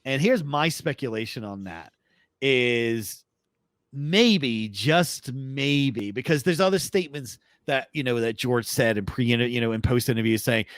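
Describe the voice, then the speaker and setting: A male podcast co-host chats casually and spins animated, profane stories. His voice is mid-pitched and recorded very dry, with no room sound. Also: measured pace, no echo. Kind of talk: casual chat.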